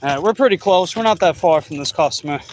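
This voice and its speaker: A man's voice: a little high, animated, quick pace, a little hiss or hum. A middle-aged man with a Long Island New York accent, chatting casually and reading viewer comments while riding an e-bike on the road. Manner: chatty, reads viewer comments aloud, rambling restarts. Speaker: delivery rider vlogger.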